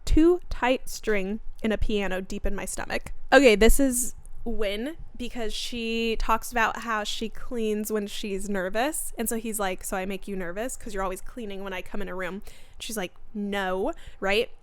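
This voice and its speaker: A woman's voice: mid-range voice, normal speed. A young woman co-hosting a book podcast, chatting casually, gushing and emotional, swearing now and then. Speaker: podcast co-host. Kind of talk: casual chat about books.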